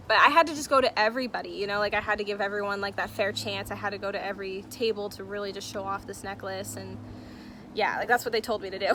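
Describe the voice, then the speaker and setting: Bright-voiced young woman vlogger. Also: medium pitch, fairly even intonation, quick pace, a little hiss or hum. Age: young adult. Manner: chatty, emotional, many fillers. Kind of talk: casual story-time vlog.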